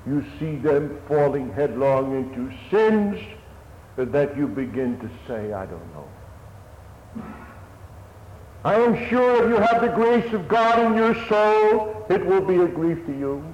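A man with a high, darkish voice preaches a sermon in an earnest, old-fashioned style, unhurried and expressive, his delivery swelling and falling. The recording is dull and lo-fi, with a faint hiss and the echo of a large hall.

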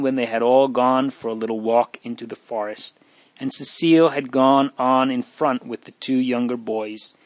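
A man narrates a storybook in a steady, even voice. His pitch sits mid-range for a man. The recording is close and dry. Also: dry recording. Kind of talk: audiobook reading.

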